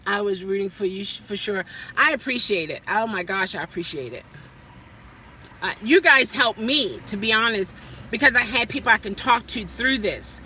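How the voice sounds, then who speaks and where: A woman's voice: fairly high pitch, bright, forceful tone, a little hiss or hum. A woman vlogger chatting casually to her live viewers from her car, laughing often. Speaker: vlogger and rideshare driver. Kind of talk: casual live-stream chat. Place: in a parked car.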